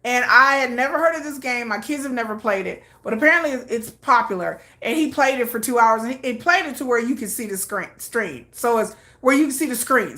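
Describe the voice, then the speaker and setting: A middle-aged woman hosting a casual K-pop news chat, chatty and excitable, often slipping into quick acted quotes. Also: on the high side.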